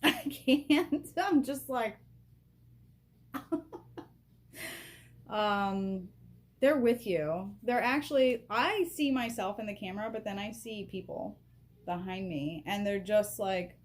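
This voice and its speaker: A woman giving a casual spiritual card reading at a table, excitable and emotional, laughing often and speaking straight to the viewer through a camera propped on a box. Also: mid-range voice, slow, long pauses. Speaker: vlogger doing a card reading. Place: at a table indoors.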